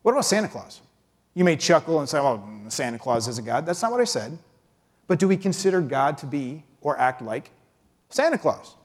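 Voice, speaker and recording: Conversational man preaching a sermon. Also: lively intonation. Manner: conversational, acts out quick impressions with pitch jumps.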